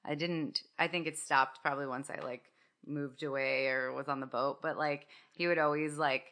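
Low, bright-toned woman chatting casually. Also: steady tone, normal speed. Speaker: co-host. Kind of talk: casual chat on a talk show.

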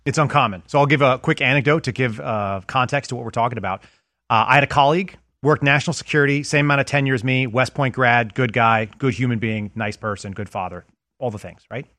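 A man's voice: medium pitch, quick pace, sharp tone, no echo, studio quality. A man who is a former federal agent, a guest in a casual interview, explaining things with anecdotes and analogies.

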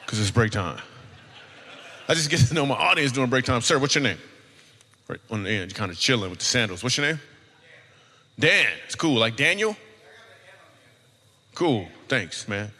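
Comedian doing crowd work. Loose and teasing, with a bright, forward tone. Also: male voice, mid-range voice, animated, normal speed, pauses often, long reverb tail. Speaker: stand-up comedian.

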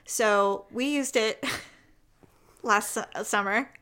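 A woman in casual chat, telling animated stories and swearing freely. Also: mid-range voice, takes it slowly, smooth.

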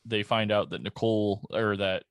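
A man's voice: lowish voice, moderate pace, clear, resonant tone, no room sound. A man hosting a podcast, giving backstory and fact-checking the readers in casual narration. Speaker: podcast host. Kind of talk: casual narration between readings.

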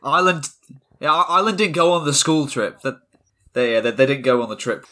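A man's voice: mid-range voice, expressive, brisk, pushed and bright. A man playing a tabletop role-playing game, jokey and playful. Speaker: player. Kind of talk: tabletop role-play chat.

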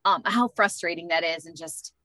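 A woman hosting a podcast interview, asking long gentle questions. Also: on the low side, moderate pace, no room sound. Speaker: podcast host. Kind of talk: interview conversation.

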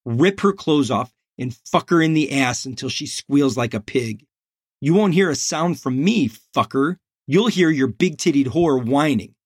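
A man's voice: medium pitch, slightly rough, no echo, clean studio sound. A man doing a crude, bullying teenage boy. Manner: sneering, profane. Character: stocky hostile male teenager, bullying and crude.

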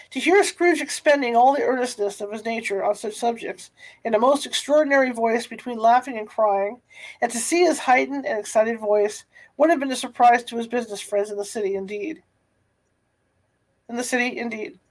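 A woman reading a classic novel aloud, unhurried, with small stumbles and restarts. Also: fairly high pitch, poor audio. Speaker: reader.

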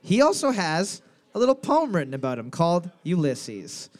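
Playful high-voiced quiz host, man. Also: wildly swooping pitch, a little mellow. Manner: playful, drawls questions slowly, laughs often. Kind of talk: casual comedic quiz chat.

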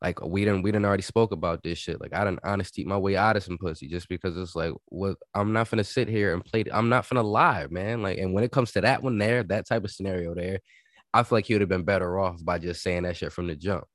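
Low-voiced blunt man in casual chat. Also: no room sound, clean studio sound. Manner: blunt, slangy, jumps in with quick reactions. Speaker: podcast co-host.

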